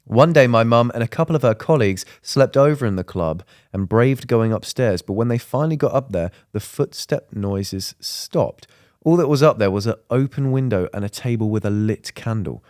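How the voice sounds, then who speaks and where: A man co-hosting a podcast in casual comedic chat, blunt and deadpan with sweary jokes. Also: mid-range voice, normal speed, no echo, clean studio sound. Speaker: podcast co-host.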